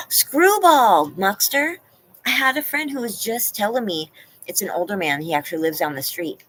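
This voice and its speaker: A woman's voice: on the low side, sing-song, brisk, a bit bright, slightly rough, poor audio. A woman hosting a live stream from home, chatting casually and answering her viewers by name. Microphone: laptop.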